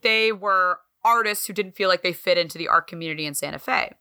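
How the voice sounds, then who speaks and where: A woman co-hosting a podcast in casual chat, talking in an animated, swearing, self-mocking way. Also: on the low side, a little fast, clean tone. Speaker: podcast co-host.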